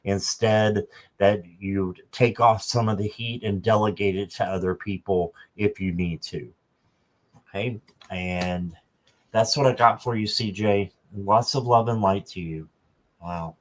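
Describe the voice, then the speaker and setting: A man hosting a live stream, giving a gentle, reassuring tarot reading card by card. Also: on the low side, steady tone, a little slow. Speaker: tarot reader and channel host.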